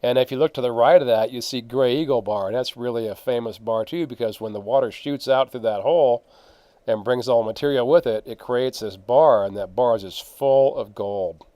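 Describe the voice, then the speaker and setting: A man's voice: mid-range voice, fairly quick, mellow, no echo. A man casually narrating his own gold prospecting photos, rambling with fillers and laughs. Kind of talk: casual storytelling.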